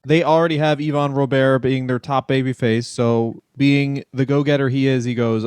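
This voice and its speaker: A man's voice: moderate pace, clean tone, no echo. A man co-hosting a comedy podcast, riffing animatedly with crude jokes and acted-out voices. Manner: animated, profane comic bits, jumps into high voices. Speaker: podcast co-host. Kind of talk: casual comedic chat.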